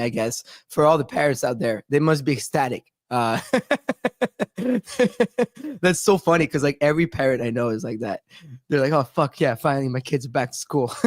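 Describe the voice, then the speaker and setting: A man's voice: on the high side, dry recording, studio quality. Joking, swearing male crypto show host. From Canada. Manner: loose, joking, swears freely. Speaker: podcast host. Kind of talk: casual crypto show chat.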